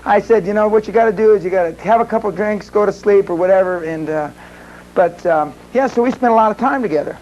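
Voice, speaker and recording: Higher-voiced man telling seminar stories. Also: fast talker, darkish tone, highs cut off, slight background noise. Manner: rambling anecdotes, acts out quoted voices. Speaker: seminar speaker. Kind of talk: live seminar storytelling. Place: seminar room with audience.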